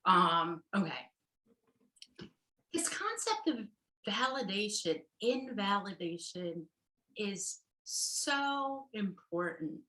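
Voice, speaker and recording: A woman's voice: mid-range voice, big pitch swings, slow, sharp tone, echoey room, rough recording. A middle-aged woman therapist giving a casual workshop talk. She chats along, laughs often and keeps checking in with "right?" and "okay".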